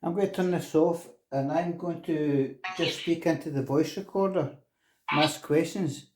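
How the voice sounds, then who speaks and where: A middle-aged man on a ghost hunt, asking slow, coaxing questions to an unseen presence inside an old castle. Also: a little high, a little mellow. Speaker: paranormal investigator.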